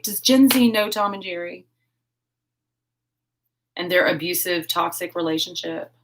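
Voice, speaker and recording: A woman hosting a casual live stream while crafting. She chats, giggles and thinks out loud. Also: lowish voice. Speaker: host of a horse-themed channel.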